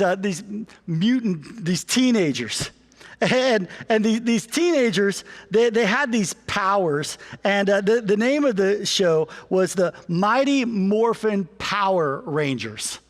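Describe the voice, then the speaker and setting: A man's voice: high voice, in a large hall. A man preaching a sermon as pastor, telling stories and moving into earnest appeals. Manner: storytelling, shifts from lively anecdote to earnest preaching. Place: church sanctuary.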